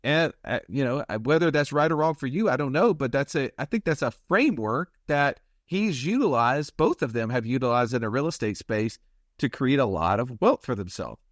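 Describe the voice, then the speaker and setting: A man's voice: mid-range voice, lively intonation, normal speed, no echo, studio quality. A man hosting a podcast, talking casually and explaining ideas, often checking in with "right?". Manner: conversational, explains with repeated "right?". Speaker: podcast host.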